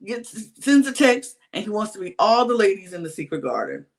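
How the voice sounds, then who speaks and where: A man with a slightly raised pitch tells reality-show gossip as a podcast co-host. He talks in an animated, chatty way and drops into casual slang. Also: a little fast. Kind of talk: casual reality-TV recap chat.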